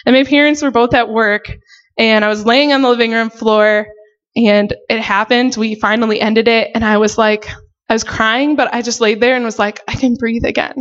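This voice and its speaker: A woman's voice: fairly high pitch, fairly even intonation, moderate pace. A young woman, a missionary, giving a personal faith testimony in an earnest, emotional way with many casual fillers. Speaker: missionary sharing her testimony. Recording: dull lo-fi recording.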